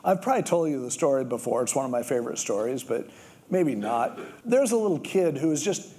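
A man's voice: mid-range voice, brisk. A middle-aged man preaching a sermon, telling stories and acting out the voices of the people in them. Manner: storytelling with acted-out voices, lively and conversational. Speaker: pastor.

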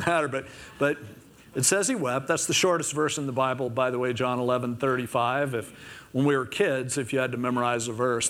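A man's voice: medium pitch, a bit bright, slight background noise. A man preaching a conversational sermon, retelling scripture casually and acting out the quoted lines in little voices.

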